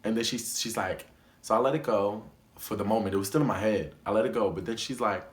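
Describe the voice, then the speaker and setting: A man's voice: lowish voice, fairly quick, roomy sound. A young man telling a story time vlog in an emphatic, indignant way, often repeating himself. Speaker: vlogger.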